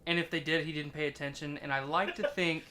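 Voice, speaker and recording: A man's voice: fairly high pitch, fairly even intonation, fast, bright, forceful tone, slight background noise. A young man hosting a podcast, teasing and profane, rambling with lots of restarts in casual chat. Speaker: podcast host.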